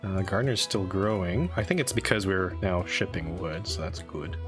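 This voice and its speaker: Male game streamer, lowish voice, rambling self-deprecating chat, faint music underneath. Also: normal speed, hardly any pauses. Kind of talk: casual live-stream commentary.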